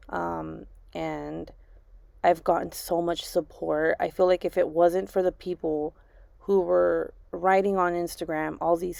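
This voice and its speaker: Grieving woman with a low, gravelly voice. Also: a little mellow, no echo. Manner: halting, restarts and repeats herself, lots of fillers. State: grieving, subdued. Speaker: vlogger and mother. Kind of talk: casual personal vlog.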